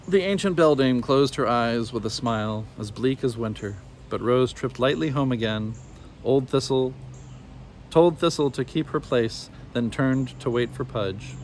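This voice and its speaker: A man's voice: medium pitch, slight background noise. Man reading a storybook aloud. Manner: expressive, measured storytelling. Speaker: narrator.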